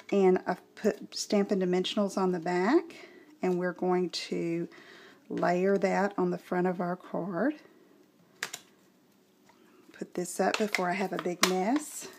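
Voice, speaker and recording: A woman's voice: fairly low pitch, darkish tone. A woman from Southeast Texas with a Southern accent, chatting casually through a card-making tutorial and thinking aloud as she works. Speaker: craft tutorial host. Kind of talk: casual craft demonstration.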